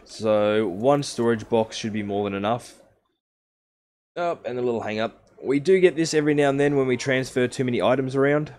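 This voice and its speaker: A man's voice: medium pitch, normal speed, a little mellow. A man streaming a survival game live, casually explaining each step to his viewers. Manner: chatty, explains steps to viewers.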